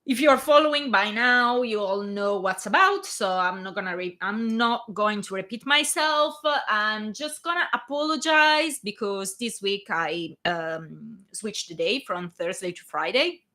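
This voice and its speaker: A woman's voice: medium pitch, expressive, a little slow, few pauses, sharp tone. A young adult woman with an Italian accent, hosting a reading channel and chatting casually with listeners, often restarting her sentences. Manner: chatty, frequent restarts and filler words. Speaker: fanfiction reader and channel host. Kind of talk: casual chat before a live reading.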